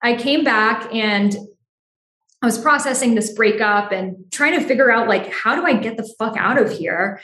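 A woman's voice: a little high, moderate pace. A young adult woman from the United States, a podcast guest telling her personal story frankly, with a lot of "like" fillers. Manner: frank, animated, frequent "like" fillers. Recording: roomy echo.

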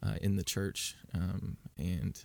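A man with a low, gravelly voice talks casually in a podcast interview. He wanders through his answers with frequent fillers and restarts. The sound is dry and close. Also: steady tone, takes it slowly, a little mellow, no echo. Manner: rambling with many fillers and restarts. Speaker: worship leader and podcast guest.

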